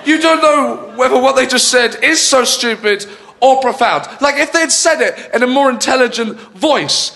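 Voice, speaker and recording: A man doing stand-up comedy on a studio stage, animated, rambling and mocking. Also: very high voice, normal speed. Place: studio comedy stage before a live audience. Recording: live audience laughter and room noise.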